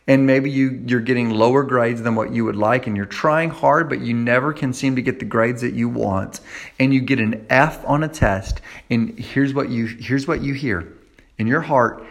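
Man, youth pastor, conversational sermon, gravelly voice, repeats phrases. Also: mid-range voice, normal speed.

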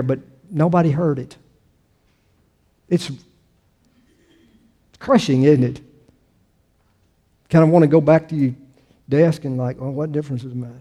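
An older male pastor delivers a sermon in a slightly high, mellow voice. His style is conversational, full of restarts and rhetorical questions.

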